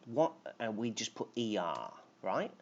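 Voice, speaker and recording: A man's voice: lowish voice, huge pitch swings, measured pace, gravelly. A man teaching English grammar on a live stream, explaining patiently and reading out names from the chat. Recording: dull lo-fi stream audio with faint noise.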